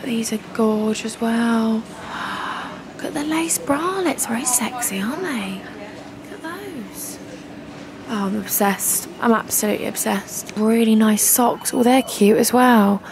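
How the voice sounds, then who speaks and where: A woman's voice: fairly high pitch, gravelly, darkish tone. A young English woman chatting through a casual shopping vlog, gushing over items and calling viewers huns. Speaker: vlogger. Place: large clothing store, indoors. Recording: noisy shop ambience.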